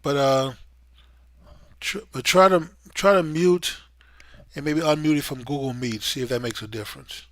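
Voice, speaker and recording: A man's voice: mid-range voice, normal speed, fairly bright tone, no echo. A man hosting a talk show, easygoing and hesitant with many fillers as he sorts out the audio and takes calls.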